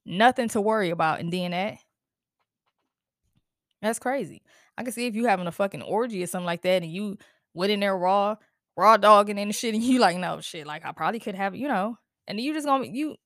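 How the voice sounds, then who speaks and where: A woman's voice: medium pitch, no room sound, clean studio sound. Profane, fired-up woman podcast host. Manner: heated, profane, animated venting with laughs and sighs. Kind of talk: casual solo podcast rant.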